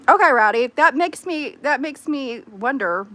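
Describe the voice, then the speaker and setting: A woman with a Southern US accent, chatting casually with her livestream viewers from her phone, animated and quick to squeal and laugh. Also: high-pitched. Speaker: livestream host.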